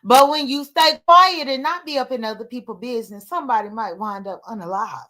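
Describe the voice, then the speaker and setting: Woman, high voice, bright tone, candid emotional livestream talk. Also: fairly quick. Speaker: livestream host.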